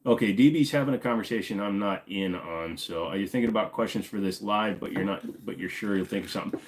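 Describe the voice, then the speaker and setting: A man's voice: fairly low pitch, quick pace. A man from Virginia hosting a casual live Q&A, rambling and joking while he answers chat questions. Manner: rambling, joking, talks while fiddling with gear.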